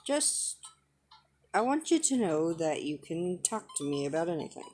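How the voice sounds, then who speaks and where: A woman voicing an awkward, earnest single dad who rambles gently while trying to talk with his teenage daughter. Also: on the low side, sing-song, moderate pace, a little hiss or hum. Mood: gentle. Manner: gentle, rambling, fumbling for words. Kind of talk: reading a dating-sim script aloud.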